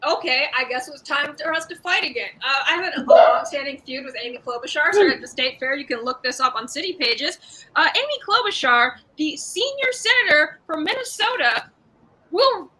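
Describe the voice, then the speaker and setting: A woman's voice: high-pitched, expressive, moderate pace, bright, forceful tone, rough recording. A young woman stand-up comedian doing a live-streamed set, talking in a sarcastic, rambling, conversational way.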